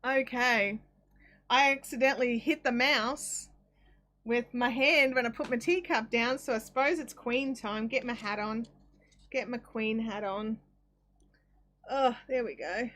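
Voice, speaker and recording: Chatty Australian woman, slightly high voice. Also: unhurried, a bit bright. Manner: chatty and rambling, with frequent ums and self-corrections. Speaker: live stream craft host. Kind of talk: casual chat, reading viewer comments aloud. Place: home craft setup.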